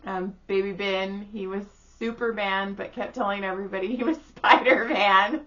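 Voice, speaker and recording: Blunt jokes and plenty of swearing come from this thirtysomething podcast co-host, whose medium-pitched voice is a bit bright and moderately paced. It's casual chat, recorded with dull lo-fi sound.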